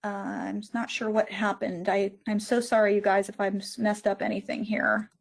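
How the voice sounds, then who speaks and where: A woman's voice: mid-range voice, flat delivery, normal speed, creaky. A woman giving an online lecture on physician well-being, explaining step by step how to approach a struggling colleague. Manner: explanatory, models conversations step by step.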